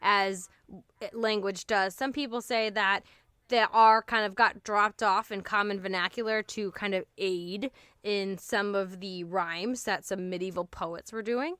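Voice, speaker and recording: A woman's voice: medium pitch, fairly even intonation, a little slow, fairly bright tone, smooth, no room sound, studio quality. A woman co-hosting a casual comedy podcast, playful and jokey, laughing often and swearing freely. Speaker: podcast co-host.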